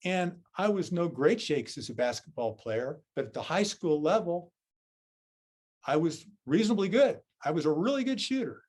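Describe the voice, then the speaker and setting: Fairly high in pitch and a little mellow, the man speaks at normal speed with plenty of expression. He's a Zen teacher from the American South giving a dharma talk, telling a self-deprecating story about himself and repeatedly checking in with "right?" and "okay?".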